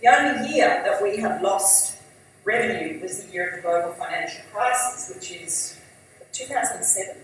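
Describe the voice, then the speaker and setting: A woman giving a conversational conference talk as an industry chief executive; she is losing her voice and keeps clearing her throat. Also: mid-range voice, expressive, normal speed, heavy reverb, distant mic, a little hiss or hum, low-quality recording. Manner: conversational, fillers and asides. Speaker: industry body chief executive, guest speaker.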